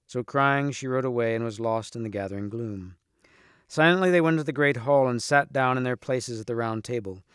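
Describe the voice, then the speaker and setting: Man narrating a storybook, steady and expressive, mid-pitched, dry close mic. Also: clean tone, no room sound. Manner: measured, expressive. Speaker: reader. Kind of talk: storybook read-aloud.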